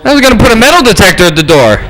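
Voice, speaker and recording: A man lectures a workshop audience with humorous anecdotes, acting out the voices in them. His voice sits high and swings widely in pitch. He speaks to the room directly and drops casual swears. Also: racing, a faint crowd, low-quality recording. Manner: animated storytelling, acts out voices, casual swearing.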